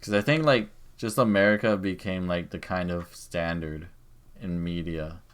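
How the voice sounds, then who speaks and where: A man's voice: low voice, normal speed. A man chatting casually on a live stream, teasing and crude in his humour. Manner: teasing, crude, animated joker.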